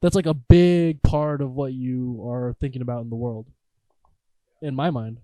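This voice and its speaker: A young man co-hosting a gaming podcast, chatting in an animated way. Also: medium pitch, normal speed, no echo. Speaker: podcast co-host. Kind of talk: casual chat.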